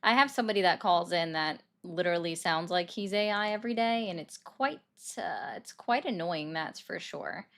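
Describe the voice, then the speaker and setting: A woman's voice: fairly low pitch, moderate pace, few pauses, fairly bright tone. Chatty woman hosting a call-in stream. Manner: chatty, reads and answers viewer comments. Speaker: livestream host taking calls. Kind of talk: casual political commentary chat. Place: bedroom at home. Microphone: desk microphone.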